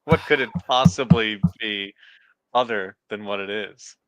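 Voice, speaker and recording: Man, podcast co-host, wry and teasing, sharp crisp voice, dry close sound. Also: lowish voice, a little slow, no room sound, low-quality recording. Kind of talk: casual chat about movies.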